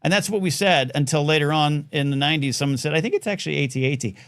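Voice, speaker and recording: A man hosting a live call-in talk show, rambling in a casual, animated way with frequent stammering restarts. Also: on the high side, fast talker, dry recording, studio quality.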